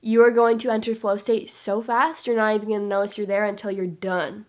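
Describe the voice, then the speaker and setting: A woman's voice: a little high, fairly quick, hardly any pauses. Bubbly, chatty young woman vlogger. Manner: bubbly and chatty, drifts off topic, reads aloud with emotion. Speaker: book vlogger. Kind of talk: casual chat to camera.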